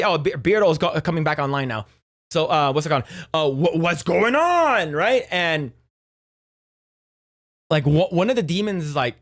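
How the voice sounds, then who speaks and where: A man's voice: a little high, animated, moderate pace, a bit bright. A young man streamer casually retelling a movie plot, rambling with many fillers and restarts and acting out the characters' lines.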